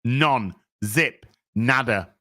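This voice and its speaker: A man hosting a casual livestream, reading viewer donations and answering them in an animated, profane and boastful way. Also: medium pitch, drawn-out words, no echo. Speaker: streamer host.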